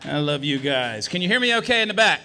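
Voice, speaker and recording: A man's voice: fairly high pitch, sing-song, fast, sharp tone. A man, running for office, giving an emphatic, rousing campaign speech that repeats phrases for effect, at a brewery meeting. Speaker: political candidate. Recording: echoey hall.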